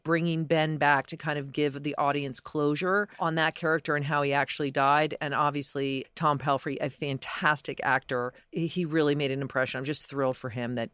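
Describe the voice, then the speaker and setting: Podcast host, male, smooth crisp voice, dry close sound, upbeat and chatty. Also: a little high, a bit bright, no room sound. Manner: enthusiastic, conversational. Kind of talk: scripted podcast commentary.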